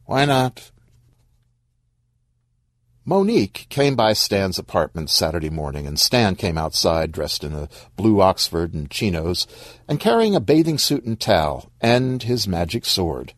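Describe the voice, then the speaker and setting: A man narrating a short story in a wry, expressive storybook reading. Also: low-pitched, moderate pace, dry recording.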